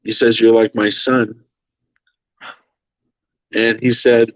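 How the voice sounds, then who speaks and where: A man's voice: fairly low pitch, little pitch movement, takes it slowly, pauses often, a bit bright, dry recording, dull audio. A man telling an emotional story as a podcast guest, earnest and moved, quoting others in his own voice.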